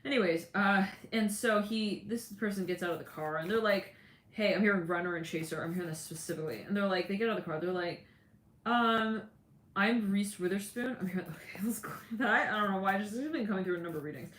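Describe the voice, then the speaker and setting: A woman's voice: medium pitch, fast, hardly any pauses. A woman giving a casual, rambling tarot reading who often laughs and acts out what people say. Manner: rambling, voices quoted figures, laughs often. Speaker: tarot reader. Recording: echoey room with faint ambience.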